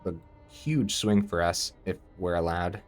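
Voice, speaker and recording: A man giving casual gameplay commentary, thinking aloud and breaking into excited outbursts. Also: low-pitched, measured pace, faint music behind.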